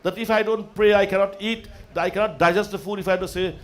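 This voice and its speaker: A man giving a devotional sermon, calling out invocations and dropping to quiet asides. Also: sits high, steady tone, quick pace. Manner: preaching with sung-out invocations and dropping to soft asides. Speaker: religious speaker. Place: religious festival gathering.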